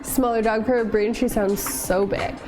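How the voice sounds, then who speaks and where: A woman's voice: on the high side, fairly even intonation, moderate pace, darkish tone, soft background music. A woman chatting casually with viewers while cooking in her home kitchen, laughing often and cooing at her dog. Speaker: streamer cooking on camera.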